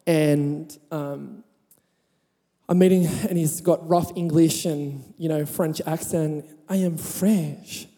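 High-voiced pastor, warm and chatty. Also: male voice, level tone, slow. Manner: chatty, laughing, rising to emphatic. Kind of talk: sermon with storytelling. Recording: long hall reverb.

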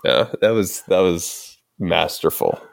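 Brief: male podcast host with a deep voice, easygoing and chuckly, dry booth sound. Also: expressive, takes it slowly, gravelly, no room sound. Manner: laid-back, filler-heavy, chuckling. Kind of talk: casual podcast chat.

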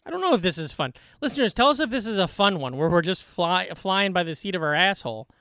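A man co-hosting a loose comedy podcast, joking quickly and laughing often. His voice sits high and comes across crisp and clear. The recording is dry and close, with no room sound. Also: big pitch swings, bright, forceful tone, dry recording. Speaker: podcast co-host. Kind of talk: casual comedy podcast chat.

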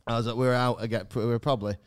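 A man's voice: medium pitch, fairly even intonation, very fast, slight background noise. A young man, a podcast co-host, telling a rambling story in casual chat, laughing and swearing, with many false starts.

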